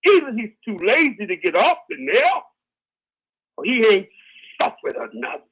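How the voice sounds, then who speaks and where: A man's voice: very high-pitched, huge pitch swings, moderate pace, creaky, fairly bright tone, husky, exaggerated voice, rough recording. A man doing a drawling old porch-sitter. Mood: dry.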